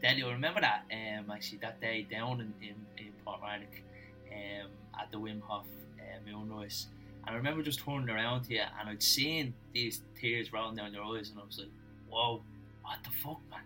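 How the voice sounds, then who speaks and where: A man hosting a podcast in a low, bright and forceful voice. He asks earnest, halting questions, leaning on fillers, over faint background music. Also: steady tone, poor audio. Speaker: podcast host. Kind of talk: casual podcast interview.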